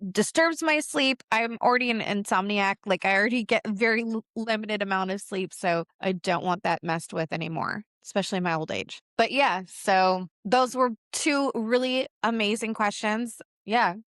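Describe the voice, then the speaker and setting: A woman co-hosting a podcast, telling personal stories in a lively, chatty way. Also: medium pitch, normal speed, few pauses, no room sound. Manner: animated storyteller. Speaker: podcast co-host. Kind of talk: casual podcast chat.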